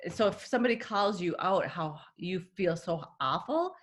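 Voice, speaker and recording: Blunt woman with a lower voice. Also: animated, normal speed. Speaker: podcast co-host. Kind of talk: casual chat.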